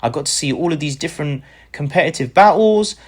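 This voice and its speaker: A husky, slightly high voice belongs to a content creator from the UK who talks briskly in an interview. Full of enthusiasm and gratitude, he recounts his story and performs others' quoted lines in spirited voices.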